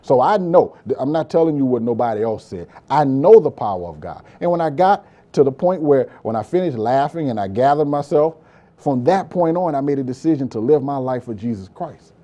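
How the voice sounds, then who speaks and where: A male pastor preaches a sermon with impassioned repetition, his mid-range voice expressive, brisk and warm. He keeps addressing listeners as "beloved," says "praise God" often and drives his points home by repeating them.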